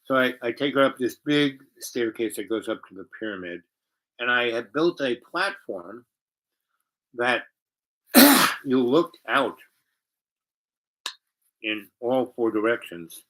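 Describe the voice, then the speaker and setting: A man telling a personal story in a casual, rambling way, animated and full of fillers. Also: medium pitch, slow pace, pauses often, low-quality recording.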